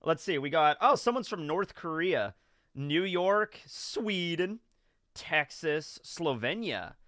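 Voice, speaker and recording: A man's voice: a little high, expressive, slow, a bit bright, no echo, clean studio sound. Chatty American man on a livestream. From United States. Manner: rambling, chatty, jokey. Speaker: livestream host reading chat. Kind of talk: casual livestream chat.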